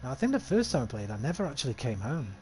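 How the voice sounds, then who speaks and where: A man's voice: medium pitch, sing-song, racing, mellow, slight background noise. A man giving casual, self-mocking commentary while streaming a game. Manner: chatty, self-mocking, thinks aloud. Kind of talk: casual let's-play commentary.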